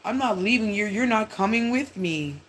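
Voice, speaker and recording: A woman voicing a smug male companion who talks in a flat, dismissive, matter-of-fact way. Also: medium pitch, moderate pace, slight background noise, natural voice. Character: smug, self-assured adult male companion.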